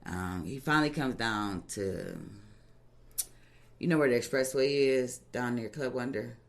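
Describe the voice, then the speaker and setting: A woman guest on a podcast, telling her story in a casual, animated way, laughing often and using plain-spoken slang. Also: extremely low pitch, a little slow.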